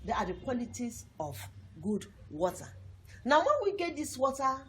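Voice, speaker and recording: A woman's voice: a little high, sing-song, moderate pace, fairly bright tone, a little hiss or hum. Woman teacher, repetitive and emphatic. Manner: repetitive, emphatic, asks the class questions. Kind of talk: classroom lesson to young pupils.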